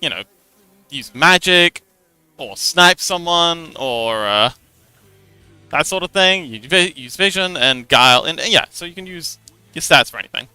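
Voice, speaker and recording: A man's voice: fairly high pitch, lively intonation, unhurried, pushed and bright, clear, resonant tone, no room sound. Man, young adult, livestream host, casual and giggly, dry close sound, faint music behind. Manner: giggly, rambling with many restarts. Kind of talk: casual explanation of a tabletop game.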